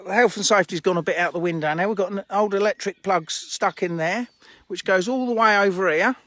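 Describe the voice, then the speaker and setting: Fishery owner on a live stream: man, high voice, jokey and teasing, chatting outdoors by the lakes. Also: brisk, fairly bright tone, no room sound. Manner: joking, teasing banter with viewers. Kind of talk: casual live-stream chat.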